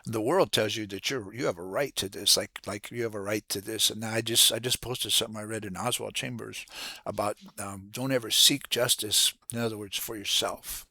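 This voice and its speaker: A man giving an earnest, casual devotional talk, halting and restarting as he repeats words. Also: on the low side, fairly even intonation, sharp tone, no room sound. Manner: earnest, preacherly. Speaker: host of a Christian devotional channel.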